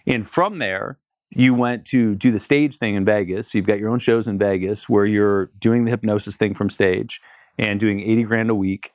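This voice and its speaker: A male podcast host with a low voice cuts in to recap and steer the guest's story. The sound is dry and close to the mic. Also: fairly even intonation, normal speed, no echo. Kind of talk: interview podcast.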